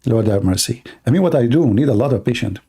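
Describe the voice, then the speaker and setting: A man hosting a livestream, speaking sarcastic, mocking broken English and swinging between loud outbursts and exaggerated slow, soft talk. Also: medium pitch, animated, breathy edge. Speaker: livestream host. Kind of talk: livestream debate commentary.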